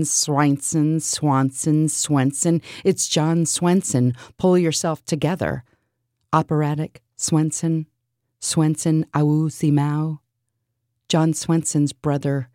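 A woman reciting a surreal spoken-word list in a deadpan, absurd manner. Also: sits low, no room sound, clean studio sound.

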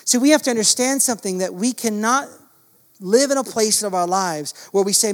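This is a man preaching with a high, light voice that swings from fervent shouts down to near whispers. His sermon carries through a large hall with a long echo, and soft guitar plays underneath. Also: normal speed. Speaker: pastor.

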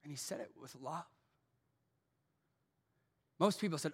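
A man preaching a sermon as pastor in a church, swinging from hushed lines to shouted peaks. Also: a little high, expressive, normal speed, long pauses, husky, long reverb tail. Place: church auditorium.

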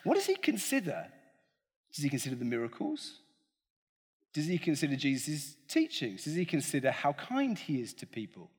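A male preacher giving a chatty, humorous sermon with a slightly husky voice that swings widely in pitch. He speaks from a large hall, and a long reverb trails his words. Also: darkish tone. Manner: conversational, joking, addresses the congregation directly.

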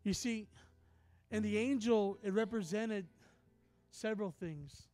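A man preaching a sermon and telling a story in an animated way, acting out each person in it. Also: high-pitched, unhurried, faint music behind. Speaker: apostle, preacher.

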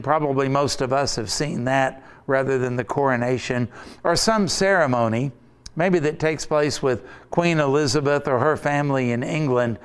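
A man preaching a sermon as pastor, deliberate and emphatic, building points through repetition. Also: a little high, clear, resonant tone.

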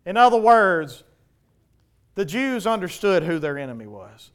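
Brief: male pastor, high resonant voice, emphatic sermon, repeated rhetorical questions. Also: big pitch swings, a little slow, fairly bright tone, smooth.

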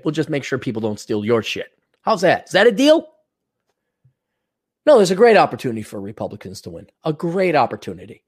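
A man's voice: very animated, fairly quick, slightly rough. A man hosting his own show, ranting alone in a profane, sarcastic way. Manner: profane, sarcastic, mocks others in high mimicking voices. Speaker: podcast host. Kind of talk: ranting solo monologue.

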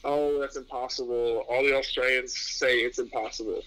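A young man from New York answering questions in a casual interview, relaxed and rambling, with frequent restarts and laughs. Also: mid-range voice, normal speed, low-quality recording. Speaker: interview guest, pro athlete.

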